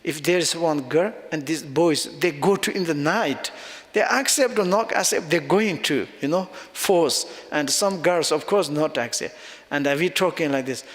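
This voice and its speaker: A male Buddhist teacher giving a dharma talk in halting non-native English with loose phrasing, chuckling often as he explains. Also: a little high. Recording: long reverb of a large hall.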